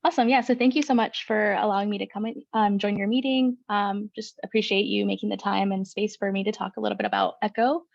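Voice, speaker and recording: A woman's voice: mid-range voice, flat delivery, fast talker, creaky, hardly any pauses, no room sound. Woman, education coordinator presenting, says um a lot, dull lo-fi call audio. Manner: many filler ums. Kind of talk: casual presentation. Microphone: video call.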